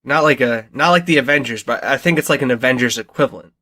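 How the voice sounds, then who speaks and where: A young man talking loosely on a podcast, full of fillers and stop-start restarts. His pitch sits right in the middle for a man, neither deep nor high. He chats casually rather than presenting. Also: fast, pushed and bright. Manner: rambling, many fillers and restarts. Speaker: podcast co-host. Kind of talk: casual chat.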